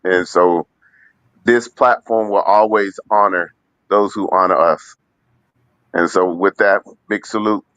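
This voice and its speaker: A man co-hosting a football talk show, speaking in a measured way with preacher-like phrasing. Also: deep voice, steady tone, a bit bright, clean tone, dry recording, poor audio. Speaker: co-host. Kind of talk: casual panel chat.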